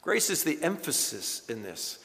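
A man preaching a sermon in an earnest, emphatic way, slowing down to stress key words. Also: fairly high pitch, sing-song, creaky, bright, forceful tone, big-room sound. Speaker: pastor.

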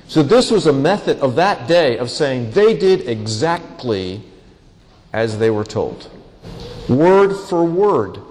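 A man's voice: medium pitch, darkish tone, big-room sound, poor audio. A man preaching a sermon, teaching through a passage verse by verse and acting out bits of everyday dialogue to make his point. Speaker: pastor.

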